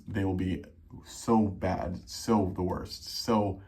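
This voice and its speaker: A man's voice: low-pitched, creaky, a little mellow, a little hiss or hum. A young man telling a casual storytime vlog, acting out both sides of his phone calls. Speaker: vlogger.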